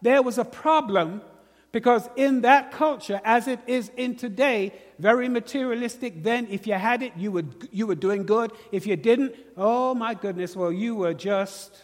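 A man's voice: very high-pitched, moderate pace, big-room sound. A man with a British accent preaching a sermon, questioning the congregation and drawing call-and-response. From Britain.

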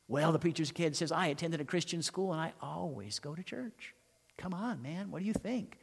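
A man's voice: a little high, expressive, vocal fry, breathy edge. A man preaching a sermon as pastor, telling stories and asking the congregation rhetorical questions. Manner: storytelling preacher, rhetorical questions, dramatic pauses. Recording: long hall reverb.

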